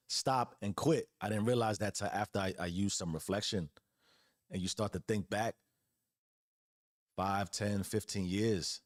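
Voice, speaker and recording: A man's voice: lowish voice, a little mellow, dry recording, studio quality. A man in his forties giving an earnest motivational monologue as host, preaching with casual slang and repeated phrases. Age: 40s. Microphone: close podcast mic.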